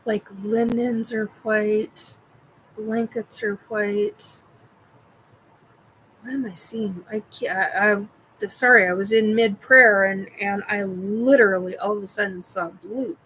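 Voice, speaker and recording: A woman's voice: medium pitch, fairly even intonation, slow pace, fairly bright tone, slight background noise, rough recording. A middle-aged woman hosting a casual live-stream chat, rambling with many fillers and restarts while she answers viewers.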